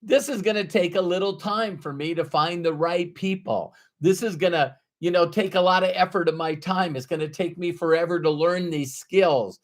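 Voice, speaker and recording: A man's voice: high-pitched, moderate pace, hardly any pauses. A middle-aged man giving a motivational talk to camera, emphatic, repeating his key phrases for effect. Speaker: motivational speaker.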